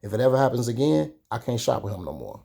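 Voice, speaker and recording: A young man talks candidly to his vlog viewers. His voice is mellow and warm at an ordinary pitch. He tells his story in a chatty way, with drawn-out pauses. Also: sing-song, creaky, slightly rough. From Chicago. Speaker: sneaker vlogger.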